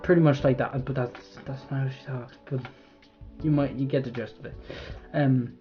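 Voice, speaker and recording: Here the Irish vlogger talks his way through a quiz in casual chat, swearing freely, rambling, and leaving thoughts unfinished. He's a young man with a medium-pitched, steady voice at normal speed. The audio sounds dull, with faint music in the background.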